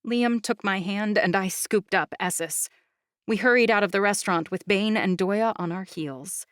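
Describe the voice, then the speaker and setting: A woman narrating a fantasy audiobook in the first person, with steady storytelling. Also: mid-range voice, moderate pace, no room sound, clean studio sound.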